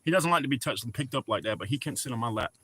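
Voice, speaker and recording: A man's voice: mid-range voice, animated, racing, a bit bright, husky. A middle-aged man hosting a casual livestream, chatting with viewers and greeting them by name. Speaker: livestream host.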